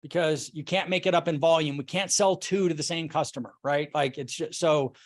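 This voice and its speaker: A man's voice: on the high side, a little fast. A man leading a casual sales team call, retelling a client exchange and coaching, candid and swearing freely.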